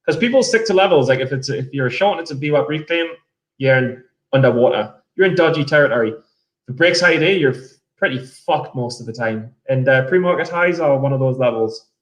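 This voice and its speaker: A man's voice: mid-range voice, animated, fairly quick. A man live-streaming his trading, chatting casually while drinking whiskey, rambling and swearing between jokes. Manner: rambling, profane, joking. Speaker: day-trading livestreamer. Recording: roomy echo.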